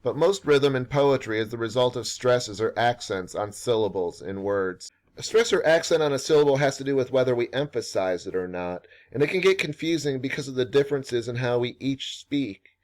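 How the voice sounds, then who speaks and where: A man, a professor, narrating a scripted workshop lesson in a measured, explanatory way. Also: mid-range voice. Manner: measured, explanatory, slows down for read-aloud examples. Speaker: professor leading a writing workshop.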